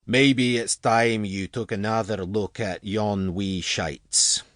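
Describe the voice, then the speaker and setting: A man voicing a gruff older male newspaper editor with an exaggerated Scottish accent, blunt and folksy. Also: on the low side, steady tone, slow, fairly bright tone, no room sound, clean studio sound. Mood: gruff warning.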